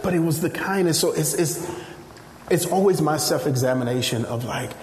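A man preaches with animated storytelling in a voice pitched a little high. He slips into acted-out voices along the way. He sounds like he is in an echoey hall with a long reverb and faint ambience behind him. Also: normal speed, slight background noise. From Nigeria. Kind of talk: sermon.

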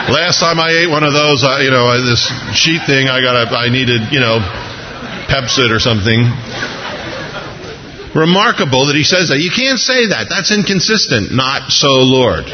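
A man's voice: medium pitch, pushed and bright, long reverb tail, muffled recording, a little hiss or hum. A man preaching a sermon in a conversational, humorous way, acting out the people he quotes. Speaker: pastor.

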